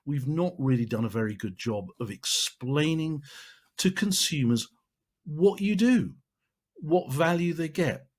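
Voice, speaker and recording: A man's voice: on the high side, lively intonation, unhurried, darkish tone. A man giving a marketing training talk, emphatic and repeating phrases for stress.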